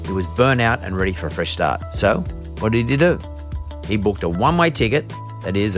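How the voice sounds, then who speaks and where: A man's voice: fairly low pitch, a bit bright. A middle-aged man hosting an interview podcast, introducing and questioning his guest emphatically, with chatty asides. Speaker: podcast host.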